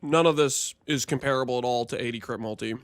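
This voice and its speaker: A man streaming a game live, chatting casually with viewers in an excitable, teasing way and laughing often. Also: medium pitch. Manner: excitable, teasing, quick to laugh and banter with chat. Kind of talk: casual live gameplay commentary to chat.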